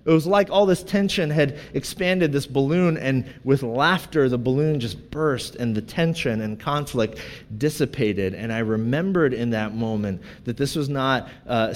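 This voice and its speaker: A man in his thirties preaching a sermon, telling a personal story in an animated, self-deprecating, joking way. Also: mid-range voice. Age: 30s. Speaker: pastor. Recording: long church-hall reverb.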